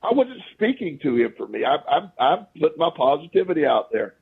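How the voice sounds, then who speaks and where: A man's voice: fairly high pitch, a little fast, creaky, breathy edge, narrow, tinny audio. A man as a podcast guest, telling anecdotes casually and acting out what people said. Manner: animated storyteller who acts out quoted speech.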